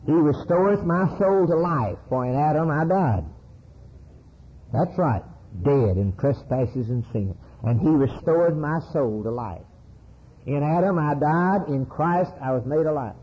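A man preaching a sermon with fervent, rhythmic delivery and sweeping rises and falls in pitch. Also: expressive, measured pace, slightly rough. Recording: dull lo-fi sermon recording.

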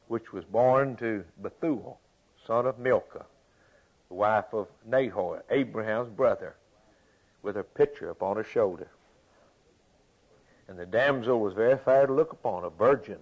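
A man's voice: fairly low pitch, measured pace, pauses often, a little mellow. A man preaching a sermon, reading scripture aloud and explaining it in a folksy way, repeating his phrases for emphasis. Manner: folksy, repeats phrases, chuckles between points. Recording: dull lo-fi recording.

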